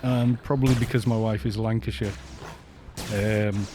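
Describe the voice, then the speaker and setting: A middle-aged man from Wales with a mixed, softened Welsh accent, chatting casually on a gaming live stream, laughing often and grumbling at other players. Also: on the low side, steady tone, normal speed, noisy background. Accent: mixed British with softened Welsh. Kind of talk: casual live-stream chat while playing.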